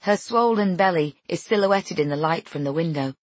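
A woman narrating a first-person novel in a measured, intimate way. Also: on the low side, animated, no echo. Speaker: audiobook narrator.

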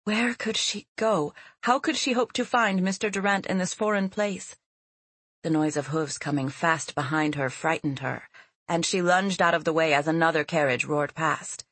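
A woman reading a fantasy novel aloud as an audiobook narrator, in a measured and expressive storytelling manner. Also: low voice, breathy edge, no room sound.

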